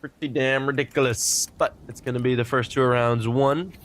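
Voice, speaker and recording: A man casting a competitive shooter match live, giving animated play-by-play commentary that drifts into chatty tangents. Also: medium pitch, moderate pace. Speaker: esports caster. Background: faint game gunfire.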